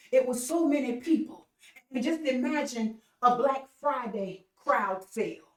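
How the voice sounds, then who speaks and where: Woman preacher, online sermon, repetitive stammering build-ups, higher voice, captured from across the room. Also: a little mellow. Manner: repetitive call-and-response preaching with stammered restarts. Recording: echoey room, voice from far off mic.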